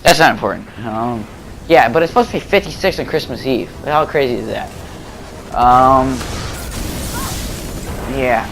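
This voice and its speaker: A man's voice: medium pitch, unhurried, creaky, pauses often, fairly bright tone, slight background noise. A man giving casual, rambling voice-over commentary on gameplay footage, full of fillers and restarts, recorded at home.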